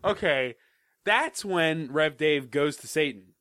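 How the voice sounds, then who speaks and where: A man in casual conversation, recapping a movie with animated energy, laughing and tossing in jokey asides. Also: fairly high pitch, slow, slight background noise. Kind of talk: casual chat.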